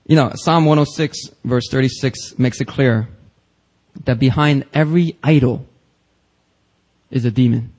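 A man's voice: medium pitch, a little slow, long pauses, a little mellow, low-quality recording. A man preaching a church sermon, emphatic and casual, with slang and rising intensity on quoted passages. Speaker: pastor. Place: church service.

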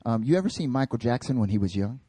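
A man preaching a casual, joking sermon in an animated, slangy way. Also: mid-range voice, fast, slightly rough, dry recording.

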